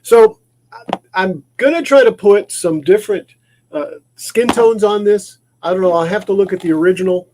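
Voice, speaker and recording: A man's voice: high-pitched, normal speed, a little mellow, a little hiss or hum. A man hosting a casual livestream from his maker shop, rambling and often repeating and restarting his words. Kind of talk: casual livestream chat while working.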